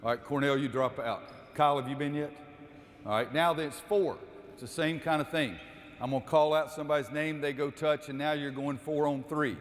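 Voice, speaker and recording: A man's voice: fairly high pitch, steady tone, a little fast. A man running a basketball coaching clinic, calling out cues during drills and explaining the defense to the audience. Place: gym. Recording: echoey gym with long reverb.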